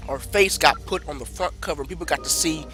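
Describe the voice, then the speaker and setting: A high-pitched male streamer rants through a match, his voice dropping to grumbles and then jumping to shouts. Loud game music plays behind him. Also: fairly quick. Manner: frustrated, ranting, swings from muttering to shouting. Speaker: gaming streamer. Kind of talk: live gameplay commentary.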